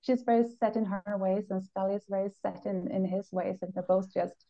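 A woman co-hosting a podcast, talking in a reflective, analytical way with halting pauses. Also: mid-range voice, fairly even intonation, dark tone, highs cut off. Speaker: podcast co-host. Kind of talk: casual chat.

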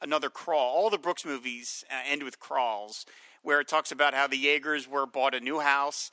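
A man co-hosting a film podcast in casual chat, animated and often acting out movie lines in a high shout. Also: normal speed, no room sound. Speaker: podcast co-host.

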